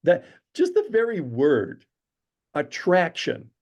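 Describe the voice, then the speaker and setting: A man telling stories as a podcast interview guest, animated and acting out the people he quotes. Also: a little high, slow. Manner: animated storyteller, acts out quotes. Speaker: storyteller guest. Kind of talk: casual interview chat.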